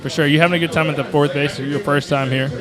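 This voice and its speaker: A man's voice: fairly high pitch, flat delivery, fast, poor audio. A man in his twenties hosting a live podcast in a bar, joking and teasing his guests. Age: 20s. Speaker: podcast host. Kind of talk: casual live podcast interview. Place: busy bar. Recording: bar with music playing behind.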